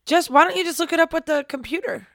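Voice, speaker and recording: A woman's voice: very high voice, fast, creaky, a bit bright, no room sound, studio quality. A woman co-hosting a podcast in casual chat, teasing and laughing often. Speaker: podcast co-host, younger sister.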